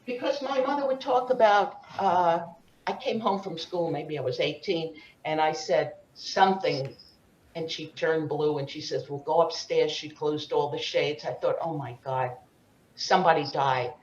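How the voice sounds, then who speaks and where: A woman's voice: low voice, measured pace, a little hiss or hum. Older brooklyn lady doing brash dirty stand-up, echoey room, kinda muffled sound. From Brooklyn, New York. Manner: brash, bawdy storytelling with Yiddish slang. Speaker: comedian at an open mic. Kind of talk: stand-up comedy set.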